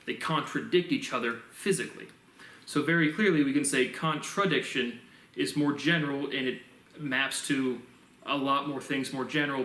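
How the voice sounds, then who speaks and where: A man's voice: medium pitch, bright, forceful tone, recorded from a distance. A man musing aloud in a meandering solo monologue, restarting phrases often as he explains his own theory. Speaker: self-published theorist explaining his framework. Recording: roomy echo, voice off-mic.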